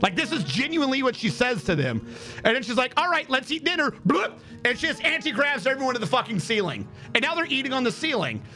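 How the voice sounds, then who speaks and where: Guy streamer w/ a really high bright voice, sarcastic and sweary, ranting away, faint music behind. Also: sing-song, fast. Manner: sarcastic, profane, exasperated storytelling. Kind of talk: casual livestream rant.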